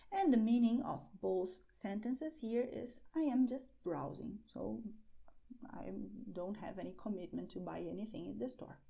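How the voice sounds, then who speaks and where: A woman with a Spanish accent teaches an online language lesson, unhurried and patient. Her tone is mellow and warm, and her pitch rises and falls a lot as she says model phrases slowly and checks in with "okay?". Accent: Spanish, from Spain. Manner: patient explanations, slow careful model phrases, frequent "okay?".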